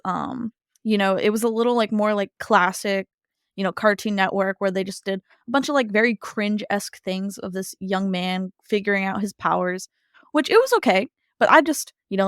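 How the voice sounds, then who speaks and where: Woman, podcast co-host, casual chat, gushing, animated, dry sound. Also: medium pitch, smooth, no room sound. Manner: gushing, animated, chatty with many fillers.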